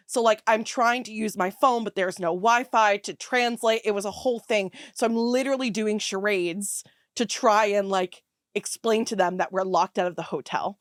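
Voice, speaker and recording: A woman's voice: medium pitch, normal speed, dry recording, studio quality. A woman guest in casual chat, bubbly and laughing often. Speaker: podcast guest.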